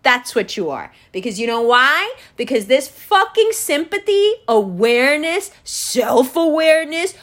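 High, animated woman ranting sarcastically. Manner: profane, sarcastic and heated. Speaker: podcast host. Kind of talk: solo podcast rant.

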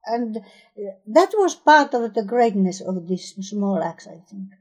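Enthusiastic woman with a mellow voice. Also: mid-range voice, lively intonation, a little slow. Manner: enthusiastic, searching for words, non-native grammar. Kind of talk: casual chat about films.

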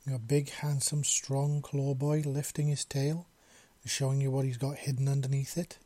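A man doing a husky purring scaly creature. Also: flat delivery, normal speed, no echo, close to an everyday voice. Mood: purring, teasing. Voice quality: deep, husky purr. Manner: low, soft and purring. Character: big scaly male clawed creature, sultry and teasing. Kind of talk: storybook reading.

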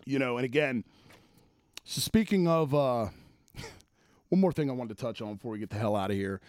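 A man's voice: mid-range voice, normal speed, a little mellow, clean tone, no room sound. Man, sports talk host, blunt profane rant, exasperated, dry close sound. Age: adult, former offensive lineman.

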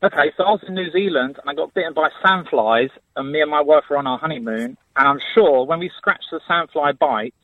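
A man's voice: fairly high pitch, brisk, few pauses, no room sound. A man calling a radio show, earnestly laying out a theory in casual chat. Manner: earnest, speculative. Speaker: radio caller. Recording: tinny phone line.

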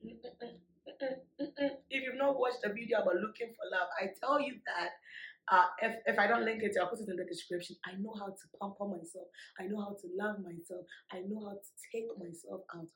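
A woman vlogger telling a personal story to her viewers in an emphatic, animated way, laughing often. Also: medium pitch, fairly quick, low-quality recording. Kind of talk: storytime vlog.

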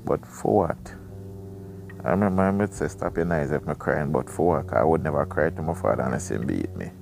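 A man's voice: extremely low pitch, animated, a little fast, vocal fry, darkish tone. A man, reading a book aloud and breaking off into rambling, chatty asides as a podcast host. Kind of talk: casual reading with side commentary.

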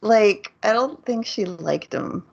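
A woman's voice: medium pitch, lively intonation, slow, gravelly. A woman co-hosting a podcast in casual chat, recapping in a laid-back, hesitant way. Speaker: podcast co-host. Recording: dull lo-fi audio.

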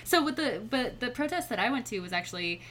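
Bright-voiced chatty young woman. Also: on the high side, very animated. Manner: chatty, laughs often, quick asides. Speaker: guest. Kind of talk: casual conversational interview.

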